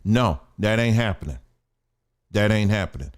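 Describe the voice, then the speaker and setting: A man's voice: on the low side, big pitch swings, normal speed. A man hosting a casual commentary show, talking in a blunt, emphatic, colloquial way.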